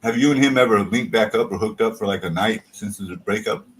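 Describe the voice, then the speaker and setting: A man hosts a casual livestream in a fairly low voice. He keeps pressing his guest with teasing, needling questions. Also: brisk, a little hiss or hum, poor audio. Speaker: livestream host.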